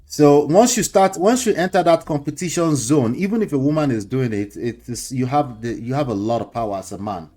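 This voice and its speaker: A man's voice: medium pitch, lively intonation, a little fast, few pauses, warm tone. Nigerian man, middle-aged, casual lecturing monologue, chuckles, pidgin asides, faint music behind. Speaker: host.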